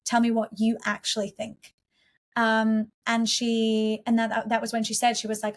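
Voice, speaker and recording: A woman's voice: on the high side, completely flat delivery, moderate pace. A woman guest on a podcast, telling a painful personal story in an earnest, heartfelt way, often restarting her sentences.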